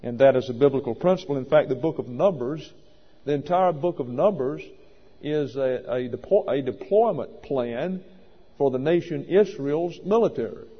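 Recorded lo-fi in a reverberant hall, this male pastor delivers a sermon at normal speed. His mid-range voice carries a breathy edge and plenty of expression, and he stays emphatic and wry while sometimes stopping to fix what he said.

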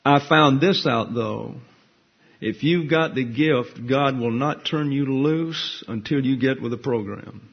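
A man delivers a conversational sermon full of self-deprecating jokes. His voice is slightly husky and sits at a middle pitch. The recording sounds dull and lo-fi. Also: slow. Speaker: pastor teacher. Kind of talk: folksy sermon.

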